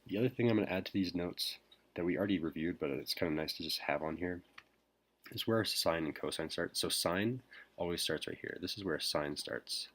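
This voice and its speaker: A man teacher whispering a recorded math lesson, hesitant with frequent pauses. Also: low-pitched, slightly rough. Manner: whispering softly; hesitant, many ums.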